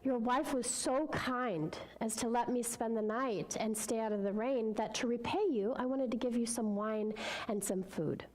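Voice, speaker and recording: A woman voicing a gentle, measured male Zen master in a spoken parable. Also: a little high, natural voice. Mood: calm. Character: calm kind elderly male Zen master.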